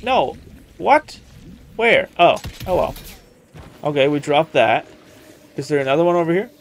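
A man chatting his way through a video game, talking back to the screen and muttering as he plays. His voice sits a little high for a man, and he hams up a put-on country accent for fun. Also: lively intonation, a little slow, slight background noise. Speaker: gaming streamer. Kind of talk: casual let's-play commentary.

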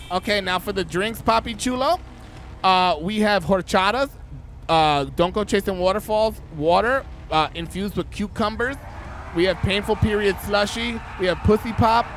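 A man voicing a loud, crude, flirty woman who runs a taco truck, gushing and brash in improvised role-play. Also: high voice, a little hiss or hum. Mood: playful. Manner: gushing, brash, vulgar, rapid-fire patter.

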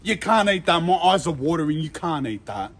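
A young man vlogging a food challenge in a loud, slangy way, full of exaggerated disgust. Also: a little high, big pitch swings, a little fast. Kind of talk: casual vlog.

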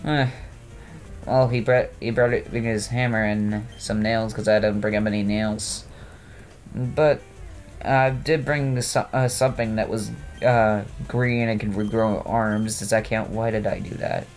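A man's voice: lowish voice, steady tone, unhurried, soft background music. A man giving casual commentary over a video game, rambling and poking fun at himself, with lots of "uh" and "like". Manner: rambling, self-mocking, full of fillers. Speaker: let's play host. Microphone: no webcam, voice recorded over gameplay.

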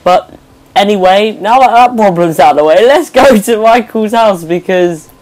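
A man's voice: high voice, expressive, moderate pace, darkish tone. A young man giving rambling, self-correcting let's play commentary over his gameplay as a gaming YouTuber.

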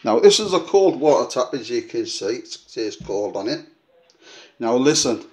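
Rambling man filming his flat. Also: medium pitch, moderate pace. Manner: rambling storyteller, many restarts. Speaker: vlogger. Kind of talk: casual vlog chat. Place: his own flat, indoors.

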